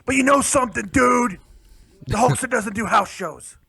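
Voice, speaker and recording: A man's voice: extremely high pitch, moderate pace, vocal fry, bright, forceful tone, slightly rough. A man co-hosting a crude casual chat, trading dry sarcastic quips. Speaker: podcast co-host.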